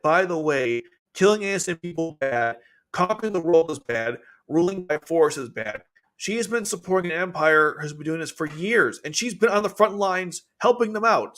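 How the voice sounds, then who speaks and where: A man streaming casual commentary on an anime, animated and quick to act out characters' lines. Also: on the high side.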